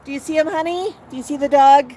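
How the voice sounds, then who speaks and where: A parrot owner and channel host vlogs from an outdoor patio, chatting in a sing-song voice and baby-talking to her pet bird. Her voice sits high, fast, and mellow on a rough recording, with street noise and passing cars in the background.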